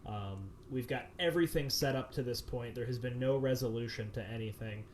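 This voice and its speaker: A man's voice: mid-range voice, a little fast, darkish tone, a little hiss or hum. A man directing a community theater show, answering questions at length with many fillers and restarts over a video call. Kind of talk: explanatory Q&A answers.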